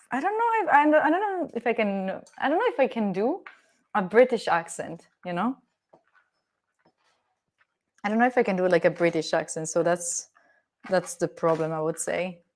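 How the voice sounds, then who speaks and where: A woman's voice: medium pitch, a little mellow. A young woman with an Italian accent, chatting casually and playfully with her live-stream viewers while she cooks at home, swearing now and then. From Italy. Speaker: livestreamer. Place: home kitchen with door open.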